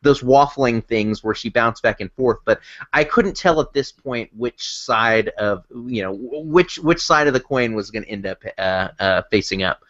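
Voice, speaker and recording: A man's voice: medium pitch, normal speed, a bit bright. Rambling man on a lo-fi podcast. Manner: rambling, filler-heavy, enthusiastic. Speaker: podcast co-host. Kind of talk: casual movie review chat. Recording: dull lo-fi podcast audio.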